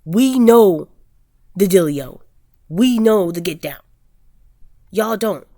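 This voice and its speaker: A woman's voice: mid-range voice, animated, slow, warm tone, dry recording. An American woman ranting into her camera, blunt and emphatic, swearing freely as she hammers home her points. Her voice sits in an ordinary middle register. The recording is close and dry, with no room sound. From United States. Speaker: vlogger. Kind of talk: rant.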